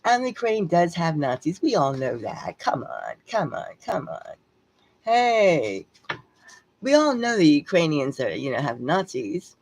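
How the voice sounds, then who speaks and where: A woman's voice: low voice, very animated, a little slow, a little mellow, breathy edge, rough recording. A woman hosting a livestream, ranting in an agitated way about politics and repeating words for emphasis. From United States. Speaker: tarot channel host.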